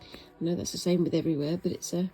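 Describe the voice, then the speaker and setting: As she stitches a craft piece, a woman from Britain chats and meanders a bit, teasing herself and occasionally speaking softly. Her voice sits on the low side with fairly even intonation and a quick pace. Soft music plays in the background, and the audio is poor.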